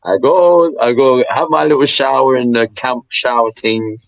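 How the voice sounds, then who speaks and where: A man co-hosting a casual sports podcast, telling stories in an animated way. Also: mid-range voice, normal speed, gravelly, no room sound, highs cut off. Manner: animated storytelling. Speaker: podcast co-host. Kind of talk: casual chat.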